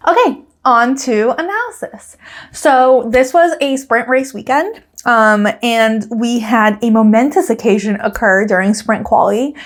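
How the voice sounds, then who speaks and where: Chatty woman podcaster, fairly high voice. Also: measured pace. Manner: chatty, giggly, acts out quotes in raised voices. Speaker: podcast host. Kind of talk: casual solo podcast recap.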